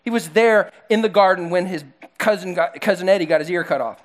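A man preaches to a congregation in a church hall, calling for slides as he goes. He tells the story in an animated way, acting out the characters in voices of their own. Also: sits high, a little fast. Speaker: pastor. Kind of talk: sermon.

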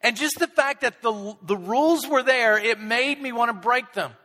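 A male pastor preaching a conversational sermon, slipping into quick impressions of everyday people. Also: very high voice, sharp tone, big-room sound. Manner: conversational, acts out people's voices in quick asides.

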